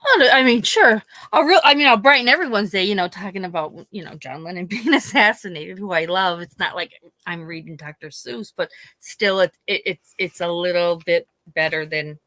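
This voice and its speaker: A woman from Pennsylvania, a YouTuber, chatting casually and telling a story in a rambling, animated way with many restarts. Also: on the low side, moderate pace, no echo. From Scranton, Pennsylvania. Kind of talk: casual chat.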